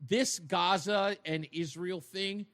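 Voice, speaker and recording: High-voiced male talk radio host. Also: slow. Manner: animated, joking banter. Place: radio studio.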